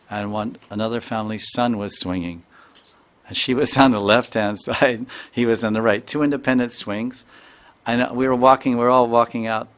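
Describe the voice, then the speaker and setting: Older man giving an emphatic devotional talk. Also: on the low side. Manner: repetitive, emphatic storytelling with Sanskrit terms. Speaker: spiritual teacher.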